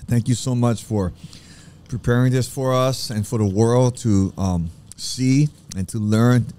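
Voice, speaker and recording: A man's voice: mid-range voice, unhurried, dark tone, clear, resonant tone. A man co-hosting a casual chat, enthusiastically praising a home-cooked dish. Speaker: co-host tasting food.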